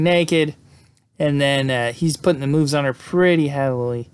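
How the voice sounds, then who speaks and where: A man's voice: a little high, moderate pace, clean tone. Rambling man recapping a movie. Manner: rambling, many fillers, acts out quotes. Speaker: movie reviewer. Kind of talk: casual plot recap.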